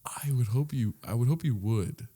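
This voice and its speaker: A man's voice: mid-range voice, moderate pace, warm tone. A young man co-hosting a comedy podcast, joking casually and laughing often in a mock-earnest way. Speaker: podcast co-host. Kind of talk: casual chat.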